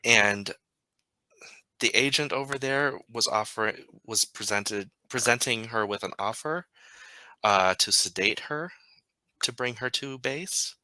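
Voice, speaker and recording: Slow, very bright-voiced male storyteller. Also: mid-range voice, dry recording, low-quality recording. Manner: unhurried, halting narration with frequent ums. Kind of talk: narrating a tabletop role-playing game.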